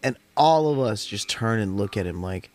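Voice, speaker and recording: During a smoke session at home, a young man hosting a podcast spins a long, chatty, meandering tale laced with swearing. His lowish voice is animated and keeps a normal speed, with faint lo-fi jazz hop music underneath.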